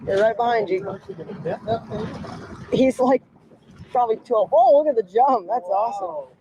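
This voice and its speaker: A man narrating his own fishing, excited and teasing his dad about the net. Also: very high voice, measured pace, slightly rough, low-quality recording. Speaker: angler in a fishing video.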